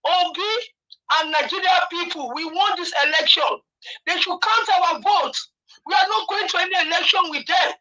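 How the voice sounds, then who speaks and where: Brief: high, bright-voiced woman caller, fervent and loud, phoned in on a dull line. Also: moderate pace. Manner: impassioned, rising to shouting. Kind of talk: call-in radio comment.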